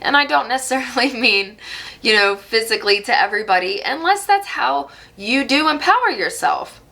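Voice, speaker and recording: Female tarot reader, soft-spoken and reassuring, speaking to the camera; bright, slightly high voice. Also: expressive, moderate pace, gravelly. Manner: gentle, affirming, with soft laughs. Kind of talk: intuitive tarot reading to viewers.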